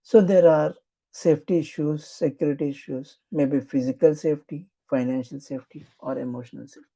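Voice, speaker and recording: A meditation guide leading a slow, soothing affirmation practice with repetitive instructions. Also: medium pitch, steady tone, mellow, rough recording.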